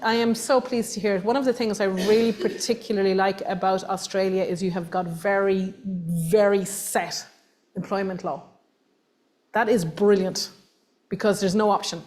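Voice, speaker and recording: An Irish woman presents a workshop in a meeting room, her voice sitting at an ordinary middle pitch. She talks emphatically and animatedly, pressing her points and slipping into quick acted-out voices of other people. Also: steady tone, darkish tone. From Ireland. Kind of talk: lively workshop talk to an audience.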